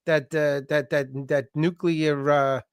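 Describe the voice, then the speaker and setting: A man's voice: on the high side, little pitch movement, slow pace, clean tone, no room sound, clean studio sound. A man hosting a casual livestream chat, teasing his guests and rambling with many restarts. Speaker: podcast host.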